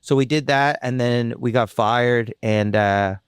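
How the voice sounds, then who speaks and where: This Canadian comedian, formerly a radio host, chats through casual interview stories, rambling and self-mocking with fast restarts. The recording is dry and studio quality, and his mid-range voice is smooth.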